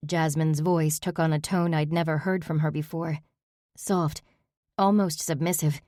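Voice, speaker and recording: A woman reading a first-person story aloud as an audiobook narrator, steady and even. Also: low voice, a little slow, no room sound, clean studio sound.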